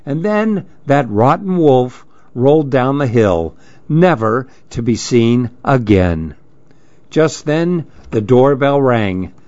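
A man hosting a program, reading a children's story aloud in a gentle, measured way. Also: mid-range voice, expressive, dry recording, lo-fi sound.

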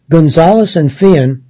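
Brief: man reading a news article aloud, mellow and husky tone, dry close sound. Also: a little high, dry recording, low-quality recording. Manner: measured, steady read with occasional self-corrections.

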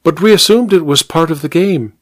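A man doing a sharp-tongued housemaid. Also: a little high, a little fast, no echo, studio quality, voice pushed up, natural voice. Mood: recalling.

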